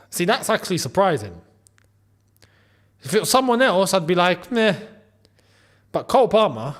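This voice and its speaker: With a high voice, normal speed and frequent pauses, a young man hosts a live football watchalong. His reaction commentary is animated: he exclaims at each play and berates players directly as if they were within earshot.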